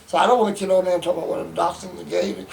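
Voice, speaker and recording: A man's voice: high voice, steady tone, very fast, gravelly, roomy sound, a crowd in the background, poor audio. A man at home, making an emphatic complaint in formal, wordy phrasing with many stammered restarts. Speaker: interviewee describing his care. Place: home bedroom.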